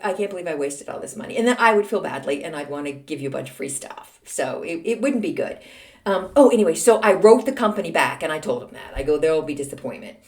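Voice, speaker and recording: Chatty self-deprecating woman podcaster, lively pitch. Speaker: podcast host. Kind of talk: casual solo podcast monologue.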